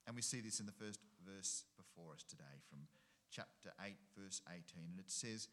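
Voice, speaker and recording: A man's voice: low voice, normal speed, bright, forceful tone. A middle-aged man, preaching a sermon and driving his points home with rhetorical questions and repetition. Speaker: pastor.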